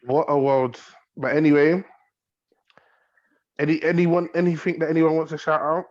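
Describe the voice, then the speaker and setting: A man's voice: fairly high pitch, flat delivery, normal speed, darkish tone, muffled recording. A man hosting a casual podcast chat, steering the talk along. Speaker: podcast host.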